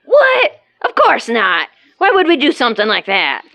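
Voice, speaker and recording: A woman's voice: fairly high pitch, sing-song, a bit bright. A woman voicing a bossy, scheming female spaceship pilot who snaps insults. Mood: feigning innocence. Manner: bossy, insulting, quick to snap. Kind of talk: hobby audio drama.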